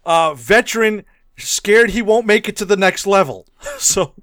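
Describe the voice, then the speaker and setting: A man's voice: sits high, animated, a little slow, fairly bright tone, no echo, studio quality. A man co-hosting a casual film-review podcast chat, laughing often and joking with his co-host. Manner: laughs often, giggly and playful.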